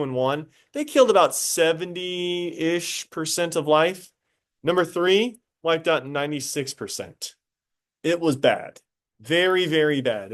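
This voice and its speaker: Chatty male biology teacher lecturing. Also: medium pitch. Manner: casual, talkative, quizzes students directly. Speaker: high school biology teacher. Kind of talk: classroom lecture. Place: classroom with students.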